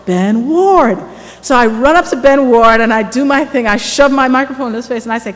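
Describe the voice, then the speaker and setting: A woman giving a lecture about her reporting days. She tells it as a lively story and acts out the dialogue. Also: a little high, brisk. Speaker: guest lecturer, former newspaper reporter. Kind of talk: first-person storytelling lecture. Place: lecture hall. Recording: echoey hall with faint background noise.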